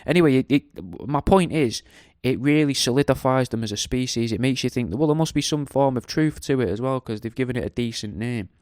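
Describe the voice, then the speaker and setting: Rambling man, smooth dry voice. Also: mid-range voice, a little fast, few pauses, darkish tone, dry recording. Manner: rambling, jokey, sweary, slangy. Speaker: podcast host. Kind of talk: casual monologue.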